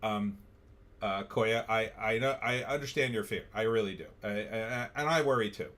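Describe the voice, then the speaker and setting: A man's voice: on the low side, normal speed, a bit bright. Blunt, sarcastic man on a livestream. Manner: blunt, sarcastic, reads chat comments aloud. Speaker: livestream host. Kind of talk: political commentary livestream.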